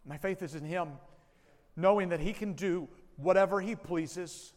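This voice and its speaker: A man preaching a sermon as pastor, slow and deliberate, pausing between phrases and leaning hard on key words. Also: sits high, long reverb tail.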